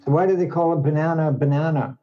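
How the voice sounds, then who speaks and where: Man, fairly high voice, slow joke-teller, muffled lo-fi sound. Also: steady tone. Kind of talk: joke telling. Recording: dull lo-fi audio.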